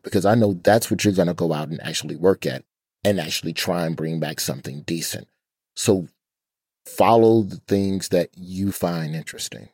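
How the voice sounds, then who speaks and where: A laid-back man from Alabama talks candidly, dropping casual slang. His voice is very low and a little husky. The sound is dry and close. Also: normal speed, darkish tone, no echo. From Birmingham, Alabama, US. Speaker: comedian guest. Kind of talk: casual interview talk.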